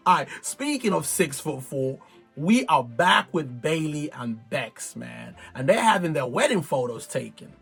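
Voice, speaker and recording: A man hosting a reality TV recap in animated, slangy casual commentary, laughing often. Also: fairly high pitch, measured pace, creaky, husky, soft background music.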